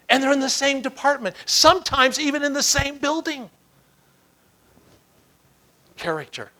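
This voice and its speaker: A man giving a motivational keynote speech, telling stories with dramatic, repeated emphasis that swings from loud to hushed. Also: extremely high pitch, expressive, unhurried, long pauses. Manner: dramatic storytelling with emphatic repetition. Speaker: keynote speaker.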